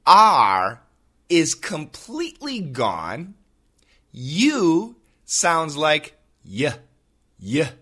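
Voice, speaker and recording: An American man teaches English in a podcast lesson. He talks slowly and clearly, repeating each phrase with a bright tone. His pitch swings up and down a lot. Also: wildly swooping pitch.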